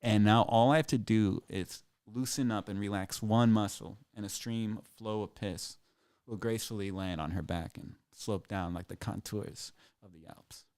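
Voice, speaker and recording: Smooth, low-voiced man telling crude stories. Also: steady tone, moderate pace, darkish tone, dry recording, clean studio sound. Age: 30s. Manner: candid, rambling, crude, self-amused. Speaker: live streamer. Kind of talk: casual comic storytelling.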